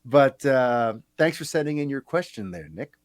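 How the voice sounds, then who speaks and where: A man hosting a casual podcast chat, talking in a chatty, animated way with quick asides. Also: mid-range voice, no echo, clean studio sound. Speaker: podcast host.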